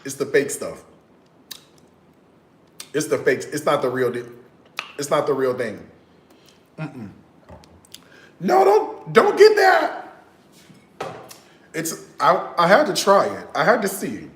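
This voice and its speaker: A man's voice: mid-range voice, animated, unhurried, long pauses, a bit bright, slight background noise. A man chatting casually on a cooking livestream, drawling and checking in with "okay?" and "y'all" as he shows off his groceries. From United States. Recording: echoey room.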